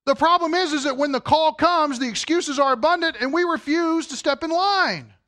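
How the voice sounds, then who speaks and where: A man's voice: very high-pitched, moderate pace, sharp tone. A man preaching a sermon as pastor, emphatic and full of rhetorical questions.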